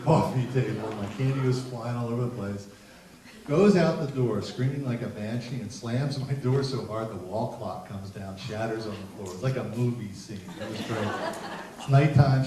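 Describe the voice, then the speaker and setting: A middle-aged man, a psychologist, telling stories to a seminar audience in an animated, humorous way and acting out voices. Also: medium pitch. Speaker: psychologist giving a parenting seminar. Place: large hall with an audience. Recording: roomy, distant, noisy hall recording.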